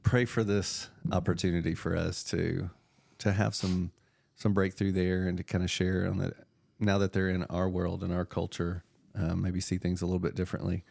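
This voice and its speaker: A man with a deep, gravelly voice talks earnestly on a faith podcast. He sounds reflective and plain-spoken in casual chat. The recording is dry and close. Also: little pitch movement, moderate pace, few pauses, a little mellow, no echo. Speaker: podcast co-host and church preacher.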